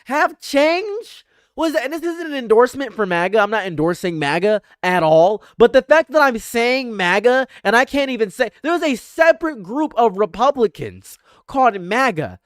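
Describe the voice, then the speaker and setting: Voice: medium pitch, big pitch swings, normal speed, dry recording, clean studio sound. A livestream commentator reacting live, ranting emphatically and repeating phrases for effect.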